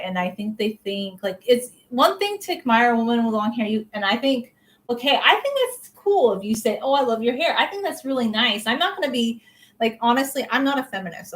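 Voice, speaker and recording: A woman's voice: on the high side, fairly bright tone, poor audio. A young adult woman chatting casually to camera as a vlogger, opinionated and full of "like" fillers.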